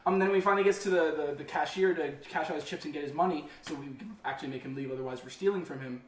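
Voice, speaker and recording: A young man rattles off funny stories at high speed in a casual podcast chat. His voice sits a little high, and it is picked up from across an echoey room. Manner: fast, animated anecdotes with shouted quoted voices. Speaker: podcast co-host. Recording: roomy, distant mic.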